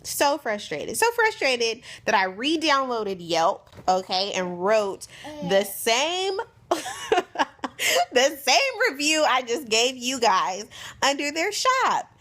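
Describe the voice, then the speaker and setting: A woman's voice: high-pitched, slow. A young woman vlogger telling a frustrated story in a casual, exasperated way, acting out the other people's lines as she goes. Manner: exasperated, animated, retells exchanges in quoted voices.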